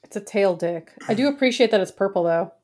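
A woman's voice: medium pitch, expressive, fairly quick, darkish tone. A woman co-hosting a podcast, chatting playfully about childhood memories of a film. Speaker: podcast co-host. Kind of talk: casual chat.

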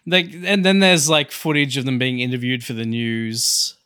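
A man's voice: mid-range voice, expressive, normal speed, pushed and bright, clear, resonant tone. A man co-hosting a casual movie podcast, rambling with many fillers and laughing easily. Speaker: podcast co-host. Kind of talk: casual movie-review chat.

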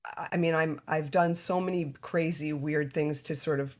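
A middle-aged actress talking about her career as a podcast guest, animated and chatty, often breaking into laughs. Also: sits low, normal speed. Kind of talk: casual interview chat.

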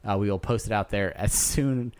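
Low-voiced man casually co-hosting a podcast. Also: normal speed, smooth. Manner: joking, relaxed plugging of the show. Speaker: podcast co-host.

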